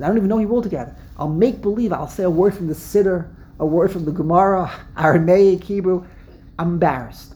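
A woman from Brooklyn with a Brooklyn accent, giving a religious lesson with an animated storyteller's habit of repeating and restarting phrases. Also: fairly low pitch, a little hiss or hum, poor audio. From Brooklyn, USA. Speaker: religious teacher. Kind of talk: Passover lesson talk.

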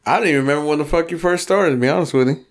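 A man's voice: a little high, rapid-fire. Profane, rowdy man telling shop stories. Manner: profane, rowdy storytelling with acted-out quotes. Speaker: podcast co-host. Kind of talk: casual chat.

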